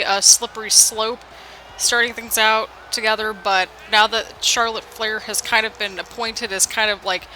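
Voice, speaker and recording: Bright-voiced woman doing rambling game commentary. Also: on the high side, slight background noise, rough recording. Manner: rambling and self-deprecating, jokes about her own slip-ups. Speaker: let's play commentator. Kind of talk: casual play-by-play commentary over a video game. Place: home apartment.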